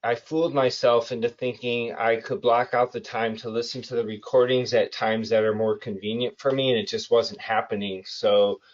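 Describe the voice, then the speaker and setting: A man's voice: mid-range voice, level tone, normal speed, few pauses. A man calling in, speaking candidly and casually in an easygoing way. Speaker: caller. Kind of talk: casual call chat. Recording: dull call audio.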